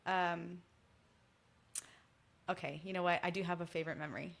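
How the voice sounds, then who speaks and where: A woman, chatting casually as a musician guest and telling a story with lively acted-out dialogue. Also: on the low side, normal speed, creaky. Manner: animated storytelling, acts out quoted dialogue. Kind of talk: casual chat.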